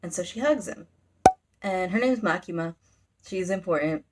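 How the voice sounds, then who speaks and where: A young woman YouTuber casually recaps a manga volume for her channel, rambling chattily with lots of "like" and briefly acting out the characters' lines mid-story. Her voice is on the low side with lively intonation at normal speed, over heavy background noise.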